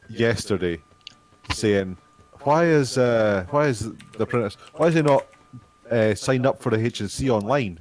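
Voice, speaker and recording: A young Scottish man chatting casually with friends, swearing freely and ranting with exasperation. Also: fairly low pitch. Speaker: tabletop game player. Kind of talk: casual chat.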